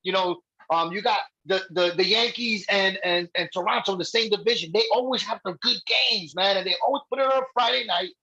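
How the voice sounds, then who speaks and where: A man chatting as a guest on a sports fan livestream, excitable and rambling. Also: high-pitched, a little fast, hardly any pauses, lo-fi sound. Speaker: guest co-host. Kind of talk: casual fan chat.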